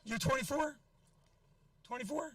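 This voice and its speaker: A man's voice: very high-pitched, unhurried, a bit bright, recorded from a distance, slight background noise. A middle-aged man doing a stand-up set in a comedy club, brash and profane as he teases the crowd. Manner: brash, profane, teasing the audience.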